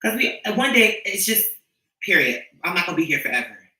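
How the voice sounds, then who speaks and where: A woman's voice: fairly low pitch, sing-song, a little fast, sharp tone, distant mic. Preachy woman livestreamer, fervent and foul-mouthed, recorded off-mic in an echoey room. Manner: fervent, profane, preachy ranting. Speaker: streamer addressing her followers. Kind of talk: impassioned livestream monologue.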